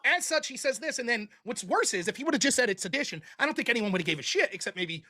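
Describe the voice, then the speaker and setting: A man's voice: very high-pitched, very animated, quick pace, pushed and bright. A man in a played clip talking bluntly about politics, swearing freely and tagging points with "right?". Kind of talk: casual political debate talk.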